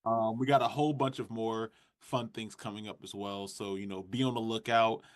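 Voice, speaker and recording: A man's voice: fairly low pitch, normal speed. A man hosting a livestream, chatting casually and loosely, with many fillers as he thanks viewers. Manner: relaxed, full of fillers and restarts. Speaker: streamer host.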